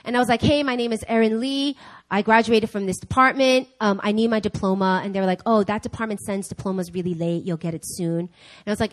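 A young woman preaching in church, telling a lively personal story and acting out the dialogue in different voices. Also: mid-range voice, fairly quick. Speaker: speaker. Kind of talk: sermon storytelling.

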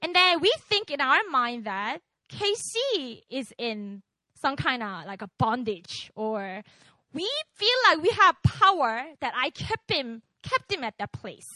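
Lively, high-pitched woman preaching. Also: slow, no echo. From outside America. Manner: conversational, keeps quizzing the audience with "right?". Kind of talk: casual sermon to a young congregation.

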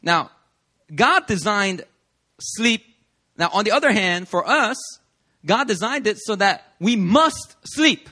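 Young male pastor, slightly high voice, relaxed and animated sermon delivery. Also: normal speed. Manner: animated and conversational, acts out little quoted scenes. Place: church service.

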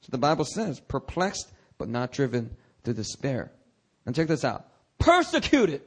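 A pastor with a mid-range, breathy-edged voice and lively intonation preaches at normal speed. He speaks plainly and conversationally with his congregation, breaking into dramatic, rising cries along the way.

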